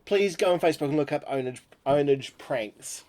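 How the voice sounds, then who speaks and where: A man's voice: on the high side, animated, normal speed, a little mellow, slight background noise. A man co-hosting a casual podcast, bantering and cutting in with jokes. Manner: joking interjections. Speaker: podcast co-host.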